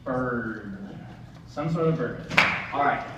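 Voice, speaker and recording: A young man on a school stage playing a chatty court jester who talks haltingly and guesses aloud, recorded in an echoey hall. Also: medium pitch, animated, muffled recording. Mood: puzzled. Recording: echoey hall with audible noise, from far off.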